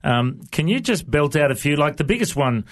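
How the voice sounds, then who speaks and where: A man's voice: on the high side, big pitch swings, fairly quick. Man hosting a radio interview. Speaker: radio host.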